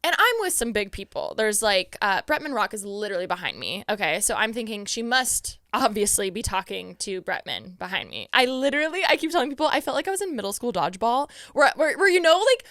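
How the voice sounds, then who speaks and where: Bright, excitable young woman telling a story. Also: fairly high pitch, brisk, hardly any pauses, dry recording, studio quality. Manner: excitable, animated quoting of herself. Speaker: podcast host. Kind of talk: casual storytelling chat.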